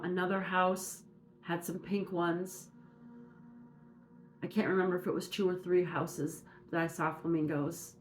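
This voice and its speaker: Lady from minnesota giving a spiritual reading, slow and rambly, lots of ums, soft music under. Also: on the low side. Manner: meandering, halting, many fillers and restarts. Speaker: spiritual reader. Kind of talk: casual spiritual message talk.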